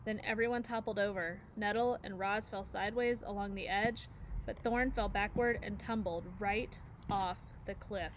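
A woman's voice: medium pitch, normal speed. A woman reading a children's story aloud, narrating expressively and acting out each character. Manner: expressive, acts out voices. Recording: faint background noise.

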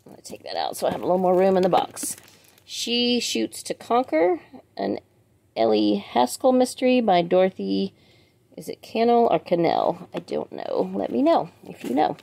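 At a normal speed, a woman with a mid-range, gravelly, mellow voice and lively intonation unboxes books in a relaxed vlog. She calls out the titles and chats to viewers on the side, asking them how to say certain ones.

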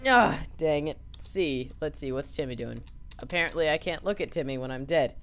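A woman's voice: deep voice, a little fast. A woman commentating on a video game, playful and joking, often yelping. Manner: playful, yelps and jokes. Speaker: gaming commentator. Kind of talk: let's play commentary. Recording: background noise.

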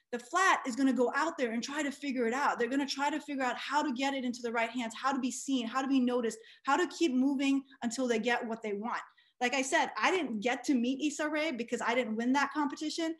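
A young adult woman giving a motivational keynote talk, telling stories with lively quoted dialogue. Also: high voice. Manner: animated storytelling with quoted dialogue. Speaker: keynote speaker.

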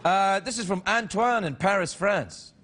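A man's voice: high-pitched, measured pace, a bit bright. A man hosting a late-night comedy show, joking and reading viewer mail. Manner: joking, playful, stammering restarts. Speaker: talk show host. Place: TV studio with live audience. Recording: studio audience and noise.

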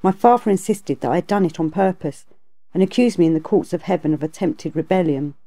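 A woman's voice: on the low side, fairly quick, warm tone. A woman voicing a desperate young male dragon prince in a storybook reading, speaking in an earnest, pleading way.

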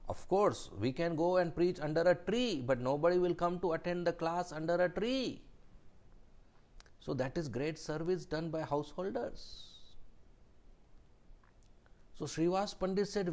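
A fairly high-voiced man recounts a devotional story during a scripture class, speaking in a measured, deliberate way and occasionally sinking to a hush for emphasis.

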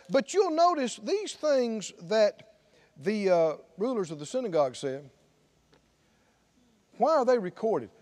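High-voiced, lively preaching pastor. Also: male voice. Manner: emphatic, call-and-response preaching. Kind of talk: sermon. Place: church.

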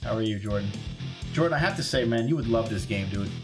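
A man from South Carolina streaming a survival game live, chatting excitedly and greeting viewers by name. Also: lowish voice, fast, over music. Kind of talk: casual live game commentary.

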